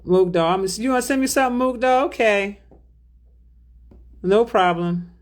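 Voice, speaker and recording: Lady on a spiritual livestream, slow drawl, reading chat and thanking folks, calls everyone baby. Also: medium pitch. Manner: drawling, affectionate, calls viewers baby and beloved. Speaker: spiritual healer hosting a livestream.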